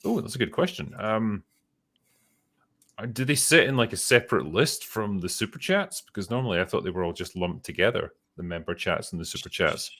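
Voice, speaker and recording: A man's voice: on the low side, expressive, fairly quick, a bit bright. A man hosting a casual panel chat, blunt, swearing freely and laughing often. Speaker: host.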